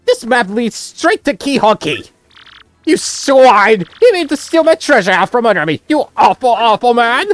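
A woman's voice: fairly high pitch, big pitch swings, moderate pace, no echo. Brief: woman voicing a grandiose male merchant, over-the-top fake-Italian flair, faint music behind. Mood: indignant. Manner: theatrical fake-Italian phrasing, grand boasts. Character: pompous rich male merchant, dramatic and greedy. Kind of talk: voicing game dialogue aloud.

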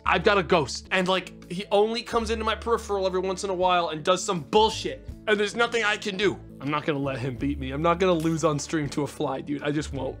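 A male streamer giving live gameplay commentary, excitable and swearing as he yells at the game. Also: high voice.

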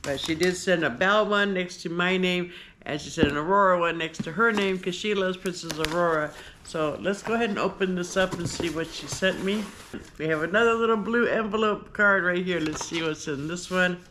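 A woman hosting a casual unboxing vlog, talking in a gushing, excitable way. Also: lowish voice, moderate pace, a little hiss or hum. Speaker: vlogger host. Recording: paper crinkling and clicks behind.

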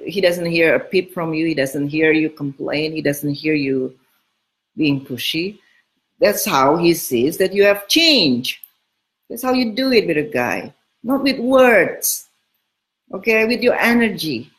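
A middle-aged woman coaching women on dating, answering listener questions in a frank, emphatic way that repeats key words. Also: on the low side. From Southern California home. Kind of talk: casual advice talk.

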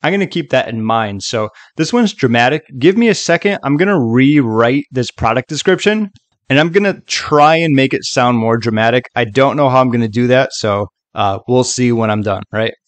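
A man hosting a relaxed software tutorial, chatty and informal, often checking in with "okay" and "right". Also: mid-range voice, moderate pace, no echo. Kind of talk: casual screen-recorded tutorial.

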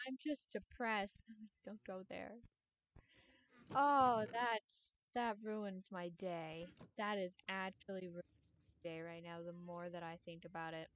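Slow-talking, upset woman gamer. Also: medium pitch, fairly even intonation, fairly bright tone, a little hiss or hum. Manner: exasperated, rambling, swears freely. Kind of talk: casual gameplay commentary.

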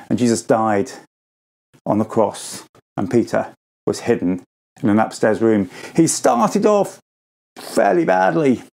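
A man speaking at a school assembly, retelling a story to children in a casual way and jumping his pitch up to act out the quoted lines. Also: lively intonation, unhurried, creaky, a little mellow. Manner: informal, acts out quoted lines with pitch jumps.

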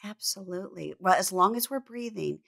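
Earnest woman with a gravelly edge. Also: medium pitch, a little fast, a bit bright. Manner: earnest, reflective, quotes scripture. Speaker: guest, business coach. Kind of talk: faith-centered podcast conversation.

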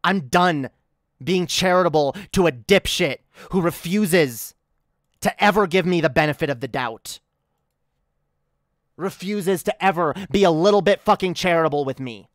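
This is a woman with a lowish voice at normal speed, in clean studio sound with no room tone. She's mid-livestream in a heated rant, swearing constantly out of annoyance, and her lines keep breaking into stammers and fresh restarts.

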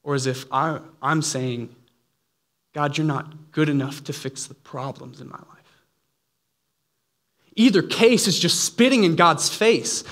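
A man's voice: a little high, a little slow, pauses often, fairly bright tone. Earnest man preaching a casual sermon. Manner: earnest, conversational, with playful asides.

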